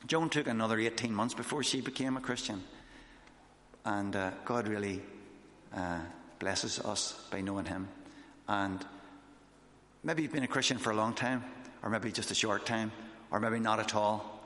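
This missionary preacher has a lowish, slightly bright voice and talks at a normal pace. In an echoey hall, he delivers a loose, conversational sermon woven with his personal testimony, full of fillers and false starts.

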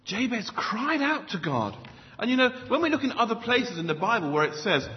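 A man preaching a sermon in a church, emphatic, with loud stresses and soft low asides. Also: very animated, normal speed. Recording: dull lo-fi sound with long hall reverb.

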